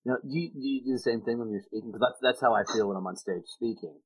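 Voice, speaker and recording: A man's voice: medium pitch, fast, slightly rough, low-quality recording. A man hosting a podcast who asks casual, chatty questions. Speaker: podcast host. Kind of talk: casual interview.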